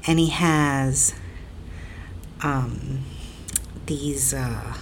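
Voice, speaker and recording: A woman's voice: deep voice, extremely slow, pauses often, slight background noise. A woman telling a personal story in a casual, rambling way, repeating herself with fillers and building to emphatic, indignant stretches.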